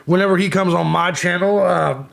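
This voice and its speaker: A man hosting a casual live stream, talking loudly and breathing audibly, swearing freely and greeting viewers in the chat by name, with his desk mic pushed back from his mouth. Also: high-pitched, fairly even intonation, moderate pace, creaky.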